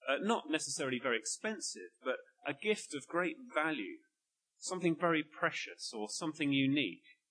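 A male preacher delivers an earnest sermon at a church service, explaining each point with emphasis. His voice is husky yet bright and forceful, and his pitch rises and falls in a lively way. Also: a little fast, poor audio.

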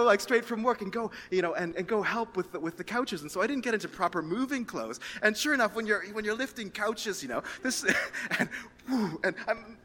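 A man preaching a sermon to his church in a conversational, animated way, reading scripture aloud and telling stories on himself. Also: high-pitched. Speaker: pastor. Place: church hall. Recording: reverberant church hall.

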